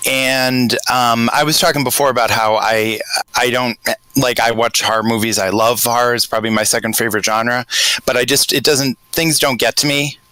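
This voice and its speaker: A man with a Boston accent, talking through ideas in a loose, hesitant way on a casual podcast and getting animated as he builds a scenario. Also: mid-range voice, normal speed, dry recording, rough recording. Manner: rambling, hesitant, grows animated telling a scenario. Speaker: podcast panelist.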